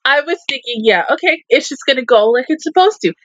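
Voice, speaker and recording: This high, animated, slightly bright female voice moves a little fast as she reviews an anime with raw emotion, swearing frequently and laughing through her words. She sometimes holds back tears. The audio is dull, with no room sound.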